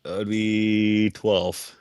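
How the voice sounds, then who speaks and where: A man's voice: lowish voice, flat delivery, very slow, a little mellow, smooth, no echo, clean studio sound. A man playing a tabletop game, talking loosely and chattily with frequent fillers. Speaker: player. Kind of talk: casual tabletop game play.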